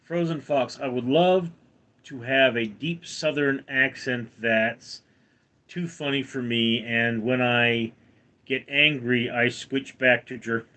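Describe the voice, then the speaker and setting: American guy on a livestream, middle-aged, reads chat and answers, steady and measured, mid pitch. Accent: General American. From United States. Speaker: livestream host.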